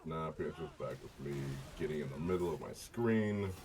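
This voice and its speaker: A man's voice: extremely low pitch, animated, moderate pace, distant mic, a crowd in the background. A man chatting casually with a friend while playing a video game, laid-back and joking. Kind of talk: casual gaming chat.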